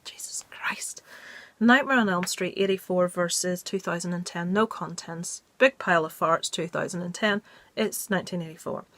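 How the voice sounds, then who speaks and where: A woman's voice: fairly low pitch, moderate pace, fairly bright tone, no room sound. Blunt, jokey woman chatting about films. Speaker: movie review vlogger. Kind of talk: casual chat.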